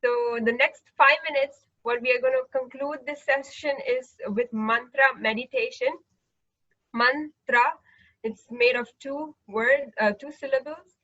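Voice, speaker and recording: A woman leading a mantra meditation class over a video call, eager and warm-hearted, often restarting her sentences. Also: high voice, steady tone, unhurried. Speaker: meditation leader. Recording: muffled lo-fi video call audio.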